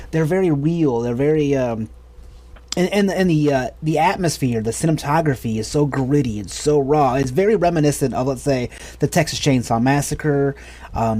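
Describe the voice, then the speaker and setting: This podcast co-host, an American man in his thirties from the United States, has a mid-range voice with a darkish tone. He chats casually and enthusiastically, rambling and often starting his sentences over.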